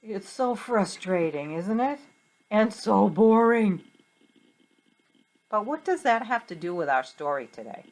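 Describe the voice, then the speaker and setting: A woman's voice: mid-range voice, sing-song, normal speed, few pauses. A middle-aged woman, a Sunday school teacher, telling a Bible story to children with questions and a sing-song delivery.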